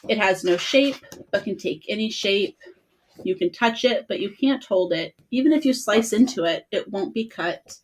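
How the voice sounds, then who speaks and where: A woman's voice: medium pitch, normal speed, slight background noise. A woman hosting a podcast, chatting about books in a gushing, giggly way. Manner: giggly, gushing, breaks into laughter. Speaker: podcast host. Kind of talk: casual chat about books.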